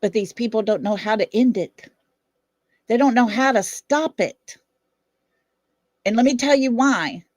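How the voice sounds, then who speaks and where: Southern lady going off on her livestream, blunt and defiant, talks slow, dead dry room. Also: a little high, a little mellow, dry recording. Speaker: livestream host. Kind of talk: casual livestream chat.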